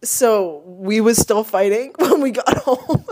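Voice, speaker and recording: A man's voice: high voice, takes it slowly. A man co-hosting a casual podcast chat, telling stories with frequent laughs and free swearing. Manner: laughs often, swears freely, animated storytelling. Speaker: podcast co-host.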